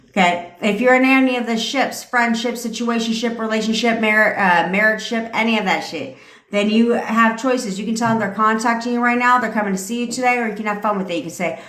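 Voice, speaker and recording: A woman in her thirties giving a profane, commanding rant as a manifestation coach on a live stream. Her voice sits at an ordinary middle pitch, and she speaks bluntly and bossily into a phone. The room around her is echoey. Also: brisk, a bit bright. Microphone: phone mic.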